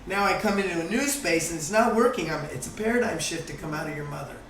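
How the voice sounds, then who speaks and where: High-voiced animated man, echoey room. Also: fast, vocal fry, recorded from a distance, a little hiss or hum. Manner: animated, swears freely, acts out quoted voices. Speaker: guest, course founder. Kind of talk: casual group conversation.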